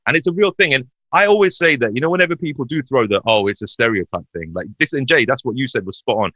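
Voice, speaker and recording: A man from Hounslow, West London, appears as a podcast guest, animatedly telling comedic stories in a lively, casual chat, his pitch swinging as he recounts anecdotes. He talks at a quick pace. The recording is dry and the audio poor.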